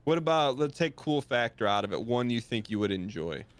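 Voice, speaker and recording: A man's voice: medium pitch, big pitch swings, a little fast. A man from Michigan with a mid-range voice chats casually. He keeps asking curious questions and leads the talk from topic to topic. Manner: curious, asks many questions. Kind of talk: casual chat.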